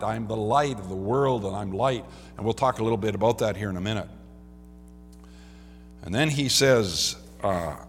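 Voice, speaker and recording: A man preaching a sermon in a church, reading scripture and praying, swinging from loud cries to soft, low passages. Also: big-room sound. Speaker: pastor. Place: church sanctuary.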